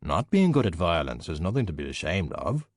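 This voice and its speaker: A man voicing an unflappable skeleton detective who speaks with deadpan, dry wit. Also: sits low, brisk, no echo, voice pushed down.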